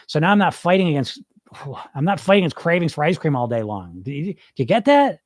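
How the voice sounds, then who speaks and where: This is a live podcast where a middle-aged man who coaches weight loss talks frankly and casually, asking listeners rhetorical questions as he answers them. His voice is fairly high, a bit mellow, and expressive, and he speaks fast. The audio is clean and free of room sound.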